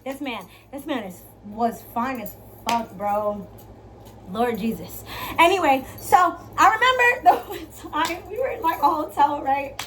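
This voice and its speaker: A young woman vlogger giving dating advice in a brash, profane, playful monologue, swinging from loud to hushed. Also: high voice, expressive, a little slow, slight background noise. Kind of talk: casual storytelling monologue.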